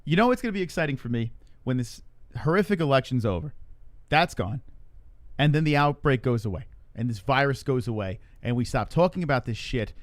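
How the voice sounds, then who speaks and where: A man's voice: medium pitch, lively intonation, brisk, no room sound. A man co-hosting a casual news show who rants sarcastically and swears a lot. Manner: profane, sarcastic ranting. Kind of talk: casual chat.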